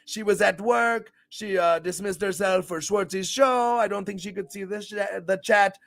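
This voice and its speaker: A man hosts a casual livestream, reading and greeting his chat in an upbeat, rambling way. His voice sits high for a man and carries a gravelly fry, and he bursts into loud, excited shout-outs. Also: normal speed. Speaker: livestream show host.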